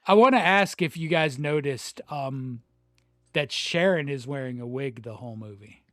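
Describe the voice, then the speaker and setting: A man co-hosting a podcast who chats casually about a film, sharing trivia and tossing in quick agreements. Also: mid-range voice, lively intonation, a bit bright, no room sound, studio quality. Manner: chatty, shares trivia, repeats short agreements. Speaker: podcast co-host.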